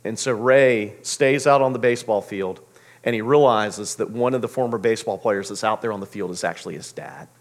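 A man in his thirties preaching a sermon as pastor, telling a story with lively, acted-out quotes. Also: brisk. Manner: animated storyteller, acts out quotes with big pitch jumps.

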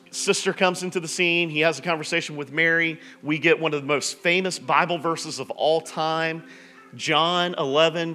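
A man preaching a sermon in a relaxed, conversational storytelling way, with frequent restarts and asides. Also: mid-range voice. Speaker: pastor.

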